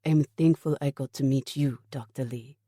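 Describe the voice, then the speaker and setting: A woman voicing a wry, understated male army lieutenant from abroad in an audiobook, on a low, dry voice. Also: steady tone, normal speed, warm tone, husky, dry recording.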